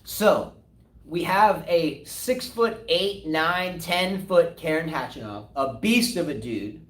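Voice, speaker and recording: A man's voice: on the high side, slow pace, distant mic. A man co-hosting a live tennis talk show, arguing his points with rhetorical questions. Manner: animated, argumentative, rhetorical questions. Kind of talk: casual live-stream discussion. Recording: echoey room, voice away from mic.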